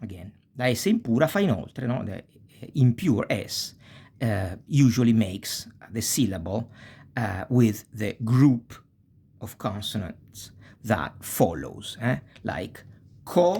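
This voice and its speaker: A man with an Italian accent teaching a language lesson, slowly spelling out syllables and checking in with "eh?". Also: fairly low pitch, sing-song, creaky, mellow, husky. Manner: slow, spells out syllables, tags with "eh?".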